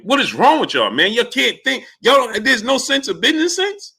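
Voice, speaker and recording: A man's voice: very high-pitched, moderate pace, creaky, few pauses, breathy edge. A man hosting a live stream, greeting viewers by name and ranting with heat. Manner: animated, heated, shouts out chat names. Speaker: livestream host.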